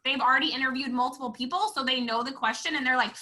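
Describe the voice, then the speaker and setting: A chatty woman instructor with an upbeat manner, who slips into little acted-out lines as she teaches. Her voice is bright and forward and sits fairly high. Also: steady tone, rapid-fire, few pauses, rough recording. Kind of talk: casual teaching chat.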